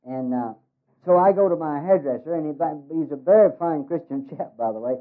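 A man speaking to an audience in a folksy, joking way, with many "uh"s and restarts. His voice is a bit high for a man. It comes through thin and tinny, like an old phone-line radio broadcast. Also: expressive, a little fast. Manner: folksy, hesitant with many uh's. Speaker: ministry worker giving a talk. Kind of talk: humorous speech with jokes.

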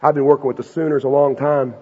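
A man preaching a sermon to students in a folksy, animated, slangy storytelling manner. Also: mid-range voice, fast, husky. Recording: dull recording with long hall reverb.

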